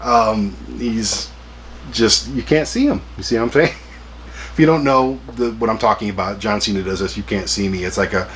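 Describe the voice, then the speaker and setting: A man's voice: fairly low pitch, moderate pace, a bit bright, a little hiss or hum. A man in his forties hosting a collecting vlog, chatty and jokey with self-deprecating asides. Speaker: collector vlogger. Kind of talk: casual rambling vlog.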